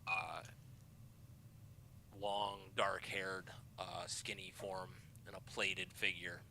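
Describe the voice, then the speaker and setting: A man narrating a tabletop game as game master, halting and full of filler sounds. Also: low-pitched, level tone, vocal fry, sharp tone, slight background noise.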